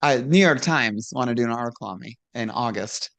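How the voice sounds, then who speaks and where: A woman's voice: extremely low pitch, brisk, vocal fry. A woman who used to wrestle professionally, chatting casually as a guest. She tells stories frankly, laughs often and acts out quoted dialogue. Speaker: guest, former pro wrestler. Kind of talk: casual chat, storytelling.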